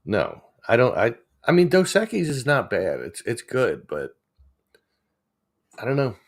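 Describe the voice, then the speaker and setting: A man's voice: mid-range voice, wildly swooping pitch, measured pace. A man, chatting casually with viewers on a livestream, rambling and chuckling as he reads the chat. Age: 40s. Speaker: livestream host.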